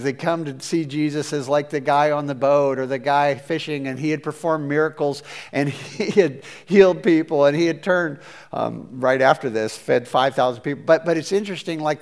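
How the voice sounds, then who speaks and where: A man preaching a conversational sermon, chatty and animated, with hesitant restarts as he talks. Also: on the high side. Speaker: pastor.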